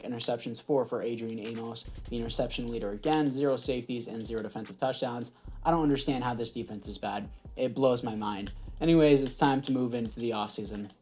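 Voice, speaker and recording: A young man narrates his sports video game in a casual, offhand way, dropping sarcastic asides to his viewers. His voice is mellow and dark in tone, picked up on a headset mic. Faint music plays underneath. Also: mid-range voice. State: throat catching, clearing throat. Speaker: gaming YouTuber. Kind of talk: casual gameplay commentary.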